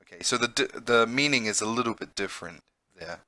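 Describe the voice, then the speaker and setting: A man's voice: mid-range voice, expressive, fairly quick, bright, forceful tone. A man who works as an English teacher, giving a vocabulary lesson and explaining patiently, often checking in with "okay?".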